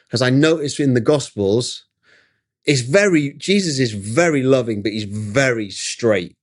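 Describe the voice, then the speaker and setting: A middle-aged man, an interview guest, telling a personal story in an emphatic, animated way with frequent restarts, speaking over a video call from his studio. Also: mid-range voice, measured pace.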